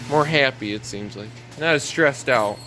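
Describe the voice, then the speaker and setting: A man giving a relaxed, rambling walk-through tour of his farm barn, talking into a handheld camera. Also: mid-range voice, moderate pace, a little hiss or hum. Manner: easygoing, rambling with many "so yeah" fillers. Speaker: farm vlogger.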